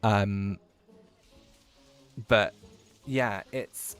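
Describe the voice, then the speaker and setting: A man's voice: medium pitch, normal speed, faint music behind. A man from England with an English accent and a bit of Midlands, chatting casually and rambling while streaming a game, with frequent swearing. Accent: English, with a touch of Midlands. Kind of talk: casual livestream chat while gaming.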